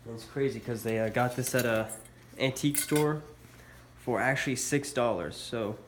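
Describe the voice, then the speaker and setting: A man with a head cold casually presents military memorabilia in a show-and-tell vlog, his hesitant talk full of uhs. He uses a medium pitch at normal speed. The recording has an echoey room sound and faint background noise.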